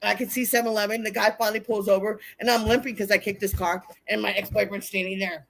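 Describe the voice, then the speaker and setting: A woman telling wild road stories in casual chat, animated and profane, acting out what people said. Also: mid-range voice, fast, vocal fry. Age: older. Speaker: wrestling interview guest. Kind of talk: casual storytelling.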